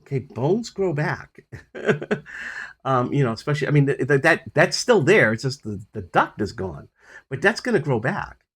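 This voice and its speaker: An older man with a husky voice casually rambling about his health on a phone recording, full of fillers and restarts. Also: mid-range voice, big pitch swings, moderate pace, a bit bright. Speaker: vlogger sharing his health journey. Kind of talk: casual personal update to camera.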